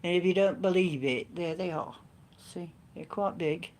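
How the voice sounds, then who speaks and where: A woman's voice: on the low side, normal speed, a little mellow, a little hiss or hum. A woman hosting a card-reading live stream, chatting in a playful, joking way. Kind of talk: casual chat on a live stream.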